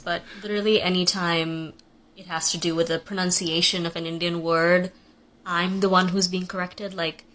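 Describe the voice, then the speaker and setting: A woman's voice: fairly low pitch, little pitch movement, normal speed, a bit bright. A woman telling a story to camera, sounding resigned and amused.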